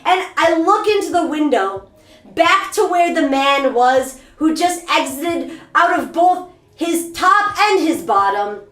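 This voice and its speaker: A woman streamer telling a story in a rambling, animated, self-deprecating way. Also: high voice, slow, roomy sound. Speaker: VTuber streamer. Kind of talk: casual storytelling.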